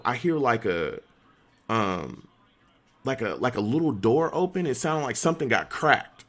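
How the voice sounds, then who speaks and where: A man streaming, telling a story in an animated, slangy way and laughing often. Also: medium pitch, measured pace. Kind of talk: casual storytelling.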